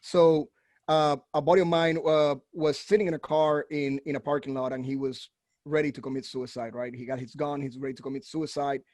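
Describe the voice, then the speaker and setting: A man hosting a veterans' podcast, telling stories in an animated, casual way and acting out the quotes. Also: a little high, brisk, dry recording, studio quality. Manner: animated storyteller, acts out quotes. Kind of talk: casual conversation, storytelling.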